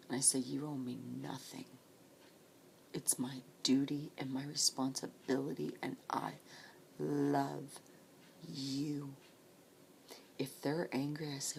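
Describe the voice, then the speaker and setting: A woman telling her own story of supporting grieving people, speaking softly and often dropping to a whisper, tearful at times. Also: very deep voice, level tone, slow pace, creaky, pauses often, slight background noise. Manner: soft, hushed, often breaking into a whisper. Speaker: grief support volunteer. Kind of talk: personal storytelling.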